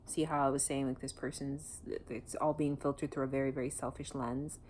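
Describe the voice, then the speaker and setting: Low-voiced woman reading tarot. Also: flat delivery, fairly quick, darkish tone, slight background noise. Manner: blunt, emotional, swears freely. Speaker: tarot reader. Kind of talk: casual tarot reading to camera.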